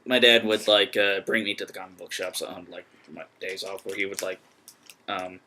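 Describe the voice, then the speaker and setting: A man's voice: deep voice, fairly even intonation, normal speed, bright, forceful tone, a little hiss or hum. A young man co-hosting a podcast in casual chat, laid-back and self-mocking. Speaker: podcast co-host.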